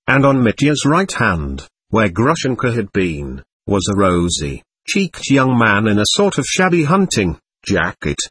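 A man narrating a classic novel as an audiobook reader, in an expressive, measured way. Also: medium pitch, breathy edge, dry recording.

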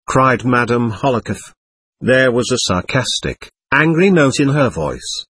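A man narrating a classic novel as an audiobook, measured and expressive. His pitch moves a lot, and the voice is husky. The sound is dry and close to the mic. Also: dry recording.

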